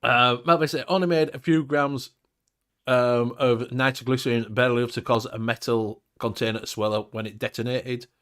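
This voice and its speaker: A man's voice: mid-range voice, fairly even intonation, normal speed, fairly bright tone. A man hosting a live stream, reading viewer comments aloud and laughing often. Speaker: host reading chat. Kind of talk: casual chat.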